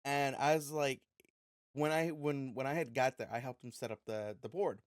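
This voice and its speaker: A young man co-hosting a podcast, telling an animated, profane story in casual chat. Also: mid-range voice, normal speed, no room sound, clean studio sound. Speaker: podcast co-host.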